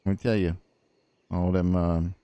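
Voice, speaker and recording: A man's voice: low voice, level tone, unhurried, dry recording, highs cut off. A man roleplaying a cranky old frontier prosecutor, rambling in a folksy way with lots of fillers. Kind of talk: in-character roleplay chat.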